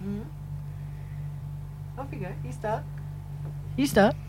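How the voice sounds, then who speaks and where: A woman's voice: fairly high pitch, slow pace, noisy background. A middle-aged woman, co-hosting a radio show in casual, teasing banter, laughing often and cutting in. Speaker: radio co-host.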